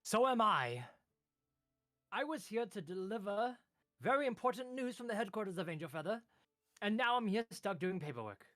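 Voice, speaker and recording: A short, overworked clerk who pleads and delegates in a high, fussy voice, as a man puts him on. He sounds strained and self-pitying, with a dry close sound. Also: big pitch swings, normal speed, sharp tone, no room sound, exaggerated voice. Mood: complaining. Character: short harried male clerk buried in paperwork.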